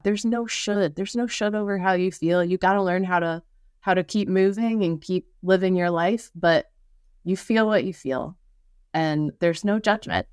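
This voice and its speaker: A woman's voice: on the low side, moderate pace, a little mellow, clear, resonant tone, no echo, studio quality. A woman in her thirties, an author and podcast guest, speaking in a reflective, earnest way with fillers and restarts, and reading aloud from her own book.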